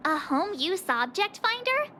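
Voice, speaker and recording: A bubbly, curious girl adventurer in a game. Her voice is very high, bright and lively, always quick to react. Soft game music runs behind her. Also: heavily acted. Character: upbeat curious young woman adventurer. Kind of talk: video game voice acting.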